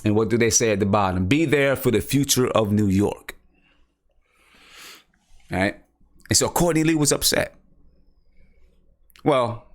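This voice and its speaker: A man hosting a casual live-stream basketball show, thinking aloud and repeating himself as he talks. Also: fairly low pitch. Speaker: basketball podcast host.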